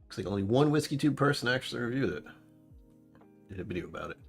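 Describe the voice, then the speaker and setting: A man's voice: mid-range voice, animated, fast, vocal fry, faint music behind. A man casually chatting on a live stream while reviewing a whiskey, rambling and reacting to his chat.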